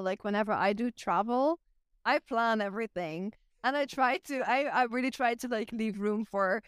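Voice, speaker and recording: A woman's voice: a little high, smooth, no room sound, clean studio sound. A young woman from Belgium with a Flemish accent, chatting casually as a podcast guest and saying "like" often. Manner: chatty, says "like" a lot.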